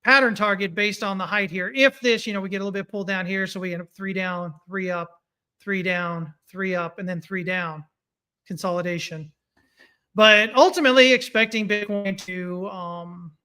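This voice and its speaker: In this live stream, a market analyst walks animatedly through price charts and responds to comments from viewers in a relaxed way. His high-pitched voice is clear and resonant, and he keeps hiccuping.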